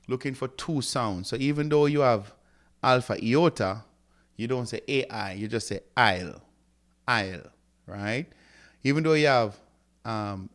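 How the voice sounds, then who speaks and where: A man teaching a language lesson, sounding words out and often checking in with "right?". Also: medium pitch. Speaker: Greek teacher. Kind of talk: classroom lecture.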